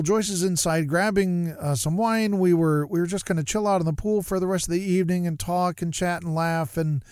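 A man's voice: high-pitched, a little mellow, no echo, studio quality. A middle-aged man hosting a talk show, telling a personal story in a rambling, self-deprecating way, often stumbling over and repeating words.

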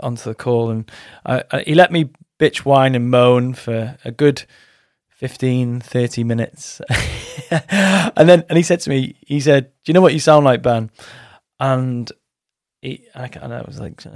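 A man's voice: mid-range voice, a little mellow, dry recording. Blunt male podcast host, dry sound. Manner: frank, blunt storytelling with coarse words. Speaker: podcast host and men's coach. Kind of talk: casual podcast monologue.

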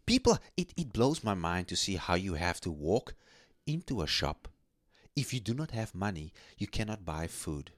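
Male co-host, animated and insistent, very varied pitch, dry recording. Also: normal speed, no room sound. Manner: animated, emphatic, repeats "yeah" and "okay". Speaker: podcast co-host. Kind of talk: casual discussion.

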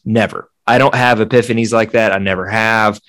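Candid, low-voiced man. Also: steady tone, fairly quick, a bit bright, dry recording. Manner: candid, self-deprecating. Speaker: podcast co-host. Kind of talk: casual conversation.

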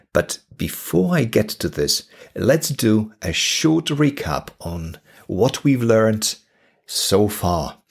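A man with a Polish accent teaching an English lesson on a podcast, slow and deliberate, repeating each example sentence. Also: lowish voice, breathy edge.

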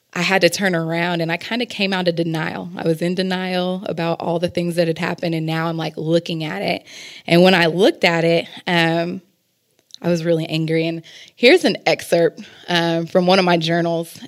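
A woman's voice: lowish voice, fairly bright tone. A young woman sharing a candid personal testimony in a conversational way, with frequent fillers. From Kansas.

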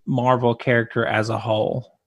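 A man's voice: mid-range voice, little pitch movement, moderate pace, creaky, no room sound. A man co-hosting a podcast in casual chat, laid-back and teasing. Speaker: podcast co-host.

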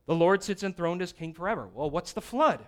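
High-pitched guy teaching a bible class, energetic, keeps asking if you're following. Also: fairly quick. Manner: energetic, checks in with listeners often.

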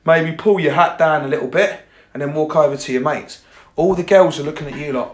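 A man's voice: on the high side, a little fast. A young man, a coach, talking casually and bluntly on a podcast, swearing and joking at his own lines. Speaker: fitness and confidence coach. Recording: echoey room.

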